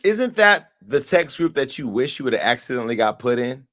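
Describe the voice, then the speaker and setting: A man's voice: mid-range voice, big pitch swings, a little fast, a bit bright. A man hosting an entertainment news show, giving casual commentary and acting out profane imagined dialogue. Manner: acts out profane imagined dialogue in storytelling bursts.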